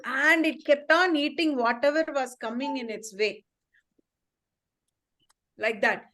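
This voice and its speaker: Slow high-voiced woman storyteller. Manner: animated, questioning the listeners. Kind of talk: storytelling to children.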